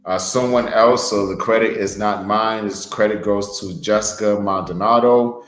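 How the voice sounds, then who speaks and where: Earnest low-voiced man in an echoey room. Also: fairly even intonation, normal speed. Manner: earnest, repeats himself for emphasis. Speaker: podcast co-host and wrestler. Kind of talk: casual motivational talk. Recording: roomy echo, faint music.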